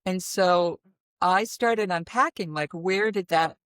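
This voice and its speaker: Speaking slowly, a Midwestern woman with a naturally deep voice tells her story as a guest in a conversational interview. She's a voice teacher, animated and expressive, breaking into sudden vocal demonstrations. The studio recording is clean, with no room sound.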